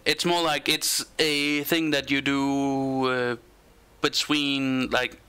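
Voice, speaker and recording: A man acting as game master and streamer, chatting casually and haltingly, with many fillers. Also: mid-range voice, little pitch movement, pushed and bright, clear, resonant tone. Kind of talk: casual chat between game sessions.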